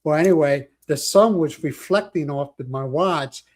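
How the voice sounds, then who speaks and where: A man's voice: on the high side, moderate pace, a little mellow. An older man hosting a casual livestream chat, telling rambling stories and joking with viewers. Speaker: livestream host.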